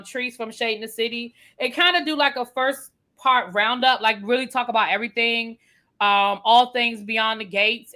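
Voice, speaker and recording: A woman with a bright, fairly high voice talks casually at home as host of a live review show. She makes her points with lively emphasis and circles back to repeat them. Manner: animated, emphatic, repeats phrases. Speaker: channel host. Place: home, getting ready to go out.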